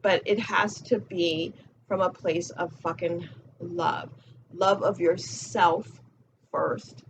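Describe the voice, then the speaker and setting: A woman's voice: on the low side, steady tone, slow pace, slight background noise, low-quality recording. A woman giving a casual motivational talk as a spiritual coach, blunt and profane, repeating her key phrases.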